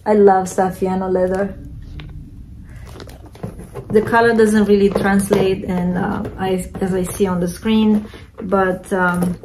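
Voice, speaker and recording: A woman reseller vlogger unboxes handbags at an easy, slow pace, pausing often for fillers as she inspects each one. Her middle pitch and flat delivery sound unhurried and hesitant, with a faint hiss underneath.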